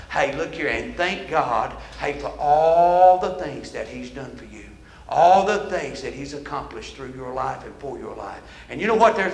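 Shouting older man preaching a folksy revival sermon. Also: fairly high pitch, reverberant, low-quality recording. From American mountain South. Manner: folksy, shouting, call-and-response. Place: church sanctuary.

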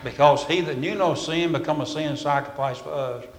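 Guy preaching, storytelling, loud then hushed, lots of room echo. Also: fairly high pitch, normal speed. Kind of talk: sermon. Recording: echoey hall with long reverb.

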